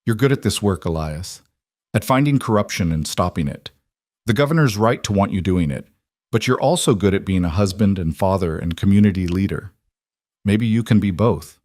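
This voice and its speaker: A man voicing Lydia, a hopeful, tender young frontier wife in a western storybook, speaking gently and earnestly. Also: low voice, animated, moderate pace, no room sound, clean studio sound. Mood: gentle.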